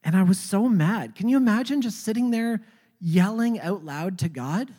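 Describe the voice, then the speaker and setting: Halting storyteller in an echoey hall. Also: medium pitch, expressive, warm tone. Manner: halting, often repeats words before going on. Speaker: speaker telling a personal faith testimony. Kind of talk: personal storytelling.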